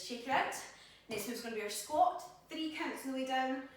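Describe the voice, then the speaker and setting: A woman's voice: sits high, normal speed, noisy background. A woman personal trainer leading a workout, counting reps and cueing moves while she exercises, a little out of breath. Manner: encouraging, counts reps aloud. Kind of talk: workout instruction while demonstrating. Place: gym. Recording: very echoey gym from far off.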